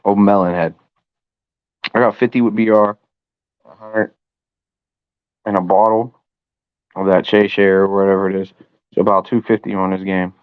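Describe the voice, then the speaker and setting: A man's voice: lowish voice, level tone, moderate pace, long pauses, clear, resonant tone, no echo. A man hosting a casual sports-fan livestream, rambling and swearing as he answers chat, with frequent coughs. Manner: rambling, profane, coughs often. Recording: dull, dry home mic.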